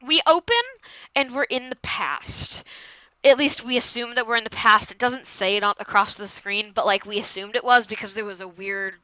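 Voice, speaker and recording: A young woman chats her way through a casual podcast recap, rambling and letting sentences trail off into mumbles, a little tipsy. Her voice is bright and crisp, sitting dry and close with no room sound. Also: medium pitch, steady tone, normal speed, no room sound, poor audio. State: slightly tipsy. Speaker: podcast co-host. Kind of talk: casual chat, recapping an episode.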